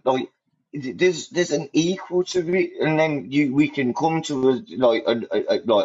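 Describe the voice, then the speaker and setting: A man's voice: a little high, moderate pace, a little mellow, slightly rough. A man hosting a podcast, talking bluntly and swearing a lot, repeating himself for emphasis. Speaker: podcast host. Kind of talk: heated casual chat. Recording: dull lo-fi audio.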